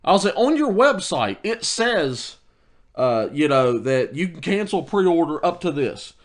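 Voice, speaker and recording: A male podcast co-host with a fairly high pitch and lively intonation speaks a little slowly as he tells a heated story in casual conversation. He repeatedly restarts and quotes himself with heat.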